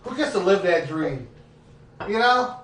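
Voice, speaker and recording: A man in his forties talks excitedly and swears freely as a podcast host. His voice is high for a man. He sounds distant from the mic in an echoey room. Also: unhurried. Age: 40s. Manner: excitable, profane. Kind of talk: casual chat.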